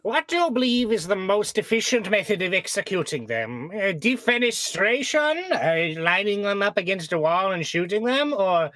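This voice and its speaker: A man at a tabletop game with a high voice that leaps around in pitch. He jokes his way through the session, and the sound is dry and close. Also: very animated, moderate pace, hardly any pauses, a bit bright, no room sound. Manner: playful, goofs around in character. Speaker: player. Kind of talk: casual tabletop role-play.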